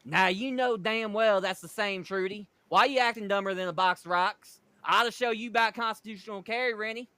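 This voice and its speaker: A man's voice: high-pitched, fairly quick, few pauses, pushed and bright, clean tone, dry recording, voice pushed up. A man voicing a bossy hillbilly wrestler with a thick country drawl. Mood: scolding.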